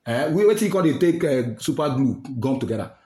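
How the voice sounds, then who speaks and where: A man's voice: medium pitch, very animated, fairly quick, mellow, roomy sound. A man with a Nigerian accent giving a fiery, scolding rant to camera, slipping into Pidgin. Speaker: social commentator.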